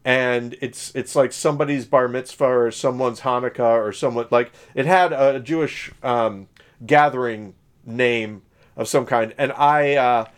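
A man's voice: medium pitch, steady tone, measured pace. Rambling man from Southern Illinois. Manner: rambling, many fillers and self-corrections. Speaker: podcast co-host. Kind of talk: casual conversational chat.

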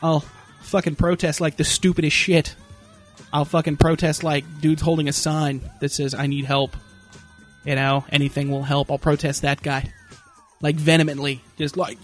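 A young man with a high voice tells crude comic stories, swearing freely and jumping into over-the-top impressions. Faint music sits underneath. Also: little pitch movement, normal speed. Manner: profane, jokey, slips into exaggerated impressions. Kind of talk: crude comedic storytelling chat.

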